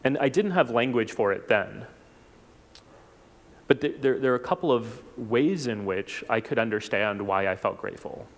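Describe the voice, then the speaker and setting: A man from South Texas giving a reflective personal talk at a church forum, unhurried, with small restarts. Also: mid-range voice, animated. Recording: long hall reverb.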